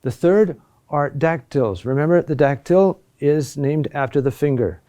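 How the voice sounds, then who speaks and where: A man teaching a class on Gregorian chant, speaking in a halting way with many pauses and restarts. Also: on the high side, mellow. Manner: slow, halting delivery with many fillers and restarts. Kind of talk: classroom lecture.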